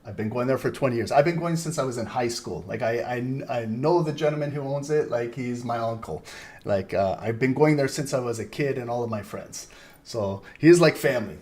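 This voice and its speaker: A man's voice: mid-range voice, fairly quick, a little mellow. Host, male, 30s: chatty live trading commentator with a mid-range voice who rambles between charts. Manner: rambling, chatty, frequent laughter.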